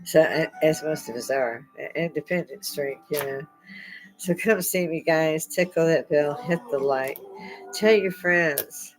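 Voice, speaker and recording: Chatting loosely with the viewers of her own channel, a middle-aged woman speaks in a deep voice, unhurried. Though in pain and close to crying, she laughs and cracks irreverent, wry jokes. Music plays in the background, and the audio is poor.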